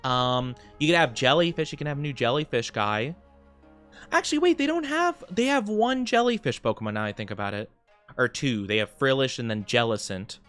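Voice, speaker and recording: Over soft background music, a male VTuber with a medium-pitched, smooth voice chats briskly with viewers while playing. He reads chat aloud, rambles, laughs often, and gets excited greeting people.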